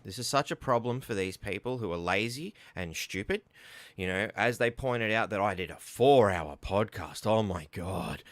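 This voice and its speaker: A man's voice: lowish voice, expressive, normal speed, no room sound. An Australian man hosting a podcast, delivering an angry, profane commentary rant. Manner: profane, insulting, heated. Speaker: podcast host.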